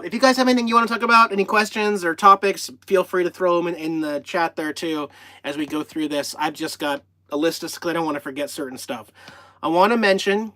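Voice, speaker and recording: Guy rambling on a livestream from his rv, slightly high voice, bright and chatty, keeps talking to his pets and the chat. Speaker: RV vlogger hosting a livestream. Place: inside a parked RV.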